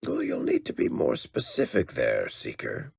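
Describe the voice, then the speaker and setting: This wry, middle-aged dwarf storyteller needles his companions with sarcastic banter in an extremely low, gravelly, husky voice, taking his time over each line. His pitch swoops wildly at a normal speed, slightly mellow and heavily acted, in a bone-dry game dialogue recording.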